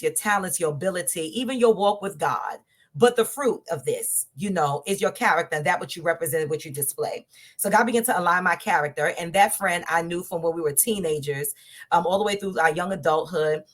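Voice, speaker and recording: Woman, 30s, lively group-discussion speaker, conversational, talks straight to listeners. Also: lowish voice, fairly quick. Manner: animated, conversational, laughs often, addresses listeners directly. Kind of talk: candid personal storytelling to a group.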